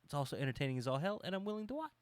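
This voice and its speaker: A man co-hosting a casual podcast chat, animated and profane as he riffs. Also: on the high side, racing, clear, resonant tone, no room sound. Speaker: podcast co-host.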